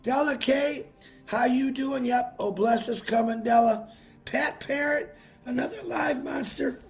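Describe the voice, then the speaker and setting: A man's voice: very high-pitched, unhurried, faint music behind. A man hosting a live stream, chatting casually and greeting viewers by name with upbeat bursts, his voice worn from a long weekend. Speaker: livestream host.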